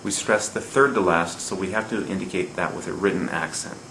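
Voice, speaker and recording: A man's voice: sits low, fairly quick, a bit bright, reverberant, a little hiss or hum, low-quality recording. A man teaching a lesson on Spanish word stress, patiently repeating each rule and often checking in with his listeners. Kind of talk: recorded classroom lesson.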